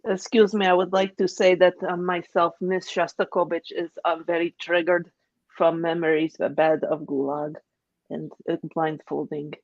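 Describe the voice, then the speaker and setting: Woman doing a gruff Siberian gulag survivor. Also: lowish voice, moderate pace, no room sound, dull audio, close to an everyday voice. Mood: aggrieved. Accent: put-on Russian. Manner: broken English, deadpan complaints. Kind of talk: live online improv comedy.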